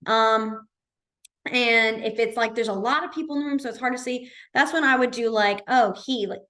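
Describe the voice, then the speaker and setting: With a voice on the high side, a normal speed and a fairly bright tone, a woman gives casual instruction to a beginner sign language class in a library. Her delivery is chatty and informal, with many fillers and self-corrections.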